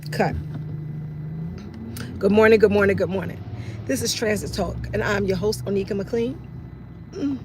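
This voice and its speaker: A middle-aged woman with a bright, high voice rants for laughs on a live stream. She swears freely, loops back on her own phrases and acts out little asides as she goes, with faint noise under her. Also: creaky. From East New York, Brooklyn. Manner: animated, profane, riffing with repeats and acted-out asides. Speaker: comedian hosting a live stream talk segment. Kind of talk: casual comedic rant.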